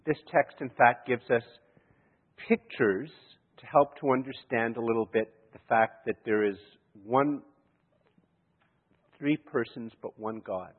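A man's voice: medium pitch, unhurried, husky. A man from Canada, preaching a sermon and telling stories, often restarting his sentences and chuckling. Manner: storytelling, chuckling, many restarts. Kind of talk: sermon with anecdotes. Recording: echoey hall, tinny lo-fi sound.

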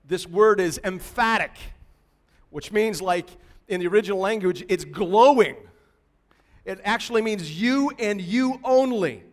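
Slow, emphatic male preacher in a hall. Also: sits high, lively intonation. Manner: emphatic, slow and deliberate, building to loud stresses. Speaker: pastor. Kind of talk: sermon.

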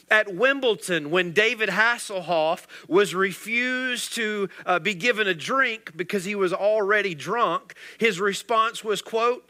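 Guy preaching a sermon, higher voice, takes it slow, wry asides to the crowd. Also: pushed and bright. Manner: rhetorical call-and-response preaching. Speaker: pastor.

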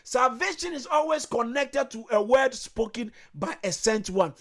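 A man preaching a fervent sermon in a very high, bright voice. He shouts his lines, calls on listeners to repeat after him and breaks into tongues between phrases. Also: lively intonation, a little slow. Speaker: pastor.

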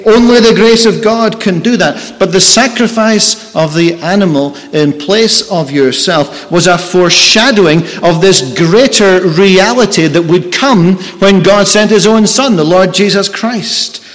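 A man's voice: high-pitched, measured pace, hardly any pauses. A man preaching a sermon, earnest and emphatic, repeating his key phrases. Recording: long reverb in a large hall.

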